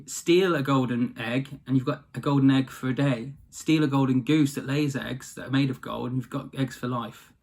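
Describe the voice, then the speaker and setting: A man's voice: medium pitch, normal speed, few pauses, darkish tone, close to an everyday voice. A man doing a cheeky, dim lad. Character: young lad Jack, dim but cocky.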